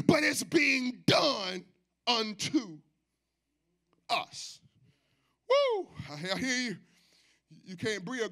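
A man preaching with fervor, his voice very high and sharply bright. He swings from shouted, sing-song bursts down to low murmured asides. This is a pastor in full sermon at a church service. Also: creaky.

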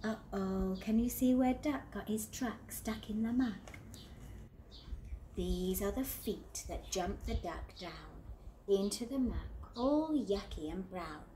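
A woman's voice: mid-range voice, slow, a little hiss or hum. A woman reading a picture book aloud to children in a sing-song storyteller manner, asking them questions along the way. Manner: animated, sing-song, talks to kids.

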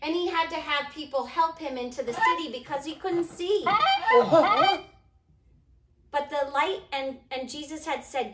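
A woman teaching preschoolers online, telling a Bible story in a gentle, sing-song way. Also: high voice, a little hiss or hum. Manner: gentle, sing-song, talking slowly to small kids. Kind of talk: storytelling to young children. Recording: echoey room.

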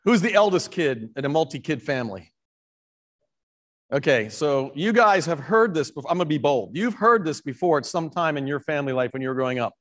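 Man, priest, conversational sermon, animated, self-correcting, fairly high-pitched. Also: a little fast. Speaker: priest and rector. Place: church.

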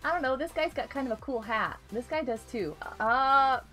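A woman's voice: high voice, normal speed, sharp tone, soft background music. A young woman live-streaming a game, chatting casually and giggling often as she greets viewers.

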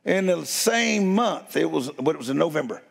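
Gravelly animated preacher in a reverberant church. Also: male voice, a little high, normal speed. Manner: animated, playful, laughs while telling stories. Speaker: guest preacher. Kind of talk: storytelling sermon. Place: church sanctuary. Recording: long reverb of a church hall.

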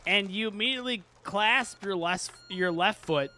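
A man narrating as game master of a comedy tabletop game, joking quickly and voicing side characters. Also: sits high, pushed and bright, a little hiss or hum.

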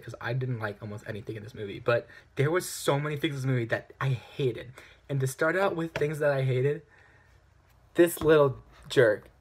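A man giving a casual spoken movie review, animated and ranting, with outbursts of frustration. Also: medium pitch.

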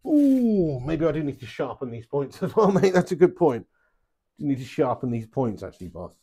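Excitable swearing man streaming darts. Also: a little high, moderate pace, slightly rough. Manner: swears a lot, excitable outbursts, chats to viewers. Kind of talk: live stream chat while playing darts.

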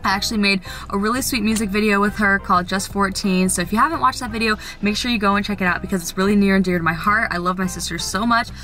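Bubbly twenty-something girl vlogging to camera, bright tone, lots of like and um. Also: medium pitch, fairly even intonation, quick pace, hardly any pauses, faint music behind. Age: 20s. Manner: gushing and upbeat, lots of fillers. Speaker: vlogger host. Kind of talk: casual vlog talk to camera.

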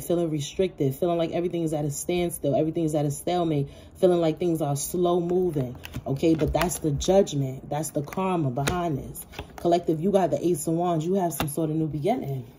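Woman tarot reader, lowish mellow voice, blunt and profane, talks straight to viewers. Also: a little hiss or hum. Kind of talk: casual tarot reading.

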